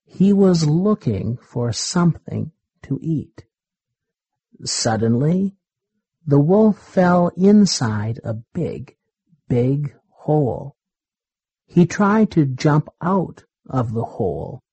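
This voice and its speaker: Male storybook reader, very slow, husky, lively pitch, dry recording. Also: no echo, dull audio. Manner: slow, deliberate, repetitive phrasing. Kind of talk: children's story reading.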